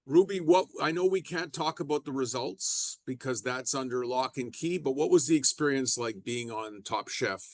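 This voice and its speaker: A man's voice: mid-range voice, normal speed, hardly any pauses, no echo. A man hosting an interview, asking friendly questions that sometimes stumble. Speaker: podcast host.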